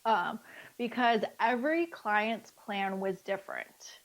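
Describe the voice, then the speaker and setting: A woman speaking as a life coach guest in a casual interview, lively and acting out the dialogue she quotes. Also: medium pitch, slow.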